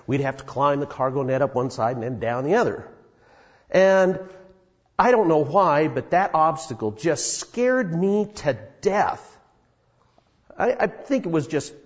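A man in his fifties preaching a sermon, telling a story in a folksy way with many fillers. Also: a little high. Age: 50s. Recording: dull sound in an echoey hall.

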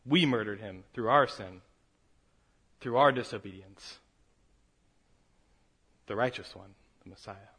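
A man preaching a sermon, moving from quiet reflection to a fervent, raised delivery. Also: fairly low pitch, a little slow, pauses often, slightly rough. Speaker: pastor.

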